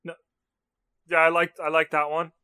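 A man's voice: fairly high pitch, completely flat delivery, moderate pace, bright, forceful tone, smooth, no echo. A man co-hosting a casual podcast, making blunt, sarcastic quips. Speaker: podcast co-host.

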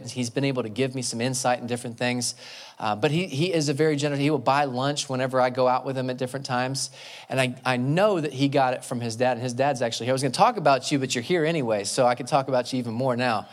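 Man preaching a conversational sermon. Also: mid-range voice. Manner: conversational storytelling with frequent restarts. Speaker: pastor. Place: church.

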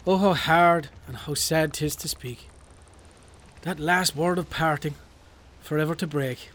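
A man's voice: on the high side, measured pace, fairly bright tone. A man giving a dramatic reading of a diary and a poem, solemn and mournful.

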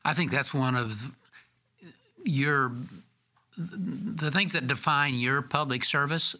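Man, history show co-host, earnest, admiring, very bright sharp voice. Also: mid-range voice, slow pace. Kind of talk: conversational interview.

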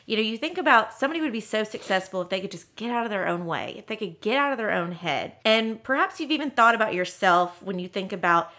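Bright-voiced woman podcast co-host. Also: medium pitch, expressive, quick pace, hardly any pauses. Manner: chatty, acts out inner thoughts in quotes. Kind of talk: casual podcast chat.

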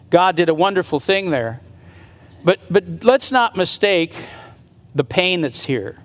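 A man preaching a sermon, retelling a Bible story earnestly and speculating aloud about what happened. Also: fairly high pitch. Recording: long reverb of a large hall.

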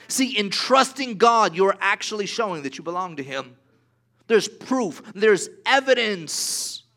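A man preaching a sermon to his church, swinging from hushed asides to raised exclamations and acting out little dialogues in different voices. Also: fairly high pitch. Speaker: pastor.

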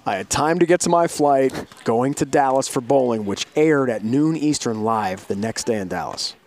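A man's voice: mid-range voice, expressive, moderate pace, darkish tone. A middle-aged man, a sports broadcaster, telling a long travel story in an interview, acting out quoted voices and laughing often.

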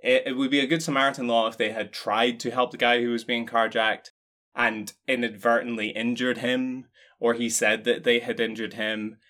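A man's voice: medium pitch, flat delivery, normal speed, bright, forceful tone. A man co-hosting a casual discussion, explaining points in a wry, joking way. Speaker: podcast co-host.

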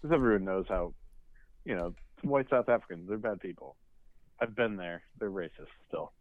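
Deep-voiced man on a tinny dry line. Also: normal speed, no echo. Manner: chatty, storytelling, with fillers. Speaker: podcast co-host. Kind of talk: casual movie chat.

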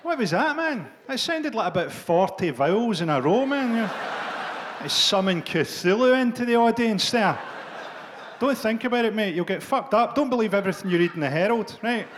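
Brief: profane Scottish stand-up comic with a high voice, deadpan delivery and quick jabs at the crowd. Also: male voice, background noise. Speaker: stand-up comedian. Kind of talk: stand-up comedy set. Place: live comedy venue.

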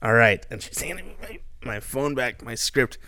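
A man's voice: mid-range voice, lively intonation, normal speed, pushed and bright, no echo, studio quality. A man co-hosting a podcast in casual chat, rambling and jokey with lots of fillers. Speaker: podcast co-host.

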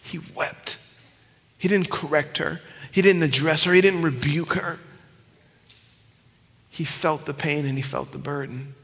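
A man preaching a sermon to his congregation, swinging between loud emphatic cries and hushed whispers. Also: a little high, steady tone, normal speed, vocal fry, pauses often. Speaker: pastor. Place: church sanctuary. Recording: long church hall reverb.

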